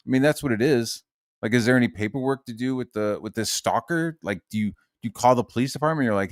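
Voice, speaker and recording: A man's voice: mid-range voice, fairly quick, no room sound, clean studio sound. A man streaming from his room, ranting casually and swearing a lot. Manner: profane and heated, lots of swearing.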